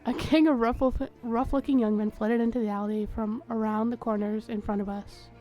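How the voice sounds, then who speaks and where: A woman's voice: a little high, normal speed, soft background music. Woman host narrating a story game. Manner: steady first-person narration. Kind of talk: reading a story game aloud.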